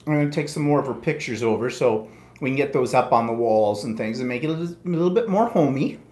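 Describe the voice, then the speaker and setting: A man's voice: on the high side, a little mellow, reverberant. A man co-hosting a live quilting stream, telling long rambling stories in a casual chatty way with many asides. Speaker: co-host of a live quilting show.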